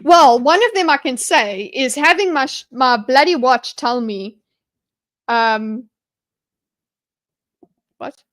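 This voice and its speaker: A woman's voice: high voice, expressive, fairly bright tone. Chatty woman thinking aloud. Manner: rambling, self-interrupting, chatty with viewers, quick laughs. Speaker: live streamer. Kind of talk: thinking aloud while mind-mapping on a live stream.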